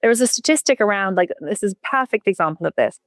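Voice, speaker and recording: A woman talks quickly and bluntly as a podcast guest, leaning hard on her points and dropping the odd swear word. Her voice sits at an ordinary middle pitch. The recording is close and dry, with no room sound. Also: animated, no echo. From United Kingdom. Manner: blunt, emphatic, swears casually. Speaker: guest, agency founder. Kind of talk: casual interview chat.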